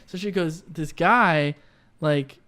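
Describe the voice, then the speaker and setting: A man's voice: a little high, slow pace, pushed and bright. A young man telling a story in a casual podcast chat, rambling with lots of fillers and asides. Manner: rambling, lots of "like" and "right?", laughs while telling. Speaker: podcast co-host.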